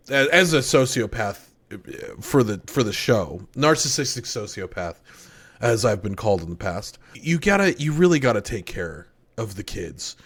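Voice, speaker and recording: A man's voice: medium pitch, fairly bright tone. A man co-hosting a podcast, chatting about an anime in a rambling, dry and joking way. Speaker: podcast co-host. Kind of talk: casual anime review chat.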